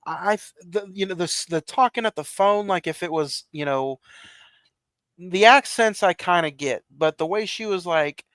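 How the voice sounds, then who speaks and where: A man with a fairly high voice talking movies with his co-host, dry and close to the mic. He stops and restarts his sentences as he works out what he means. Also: a bit bright, dry recording. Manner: halting, restarts often. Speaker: podcast co-host. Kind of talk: casual movie discussion.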